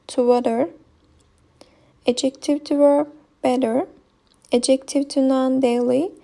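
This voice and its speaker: A young Turkish-accented woman, not a native speaker, reads a linguistics presentation in a high, warm voice. She's hesitant throughout, with many ums and uhs.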